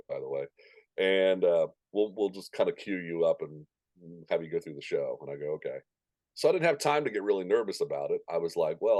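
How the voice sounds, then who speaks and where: Announcer guest in his forties, low and mellow, animated storyteller, dry close mic. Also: no room sound. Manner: animated anecdotes, acting out quoted voices. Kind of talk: casual interview storytelling.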